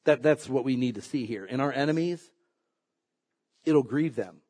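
A man preaching a sermon in an animated, emphatic way, swinging from loud high peaks to low asides. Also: normal speed.

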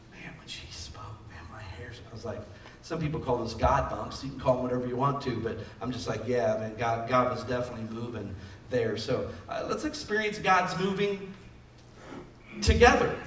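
A man's voice: mid-range voice, fairly bright tone, distant mic, slight background noise. A man preaching a sermon in a conversational style, building up emphasis on key phrases. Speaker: pastor. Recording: echoey room, voice from off mic.

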